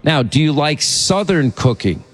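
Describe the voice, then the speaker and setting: A man's voice: a little high, sing-song, unhurried, in a large hall. A man hosting a call-in radio show, chatting, teasing callers and telling personal stories. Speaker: radio talk show host.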